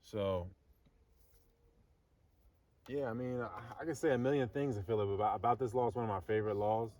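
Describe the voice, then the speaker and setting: A man with a low voice rambles thoughtfully, full of fillers and restarts, his sentences fading off softly. He sits some way back from the microphone, so the sound sits a little distant. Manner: halting, many fillers and restarts, trails off softly. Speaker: Latin lesson co-host. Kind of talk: rambling philosophical talk.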